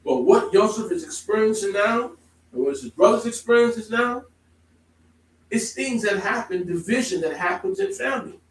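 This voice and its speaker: A man preaching a sermon to a congregation, emphatic, moving from calm explaining to loud exclamations. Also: sits high, moderate pace. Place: congregation hall. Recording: echoey room, from far off.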